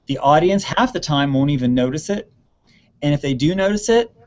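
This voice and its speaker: A man's voice: a little high, animated, normal speed, muffled recording. A man giving earnest advice on stage performance in an online question-and-answer session, often repeating words for emphasis. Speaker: theater expert answering student questions. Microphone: video call.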